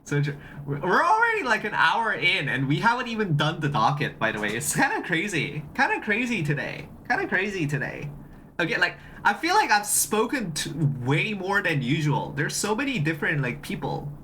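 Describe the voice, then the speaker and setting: Streamer just chatting on a live stream, bouncy pitch, says everything twice, lots of restarts. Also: big pitch swings, normal speed, sharp tone, slight background noise. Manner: repeats phrases, greets chat, frequent restarts. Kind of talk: casual livestream chat.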